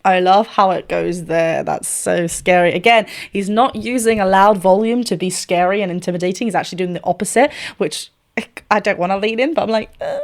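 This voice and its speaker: A woman's voice: mid-range voice, fairly quick. Chatty woman vocal coach reacting. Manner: chatty, scatting melodies and laughing. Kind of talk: casual reaction commentary.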